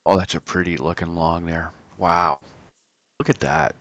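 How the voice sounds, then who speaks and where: A man's voice: deep voice, steady tone, a little slow, fairly bright tone, no echo, poor audio. A middle-aged man hosting a live trading stream, chatting loosely with many fillers and self-corrections. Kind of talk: casual live market commentary.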